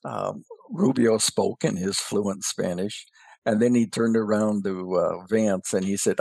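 Slow, gravelly, husky-voiced male radio guest. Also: fairly low pitch, a little mellow, dry recording. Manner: unhurried, halting with many fillers. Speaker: regular guest commentator. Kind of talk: casual talk radio chat.

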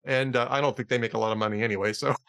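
A man's voice: mid-range voice, steady tone, rapid-fire, a bit bright. A man hosting a podcast in casual chat, telling jokes and chuckling as he reads. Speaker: podcast host.

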